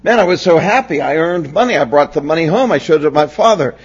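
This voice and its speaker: Husky-voiced man in his sixties preaching. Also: on the high side, animated, quick pace, highs cut off. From Pennsylvania. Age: 60s. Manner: folksy humorous storytelling. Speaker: pastor. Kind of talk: sermon.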